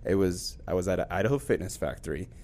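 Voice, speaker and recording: Animated man telling a story. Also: sits low, fast, slight background noise. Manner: animated storyteller, acts out voices. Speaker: podcast co-host. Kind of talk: casual chat.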